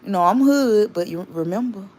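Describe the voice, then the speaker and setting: A woman's voice: mid-range voice, lively intonation, moderate pace, a little mellow. A woman hosting a casual livestream, rambling chattily and stopping to greet and thank viewers. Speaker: livestream host.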